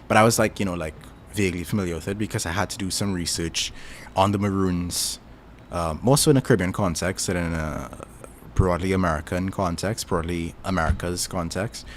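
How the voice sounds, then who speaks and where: A Trinidadian streamer answers his chat casually, rambling and thinking out loud with lots of filler words. His voice sits low and brisk, with slight background noise.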